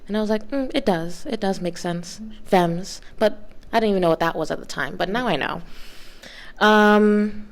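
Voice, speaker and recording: A young woman appears as a podcast guest, telling a story in casual chat and animatedly acting out what people said. Her voice is fairly low and smooth.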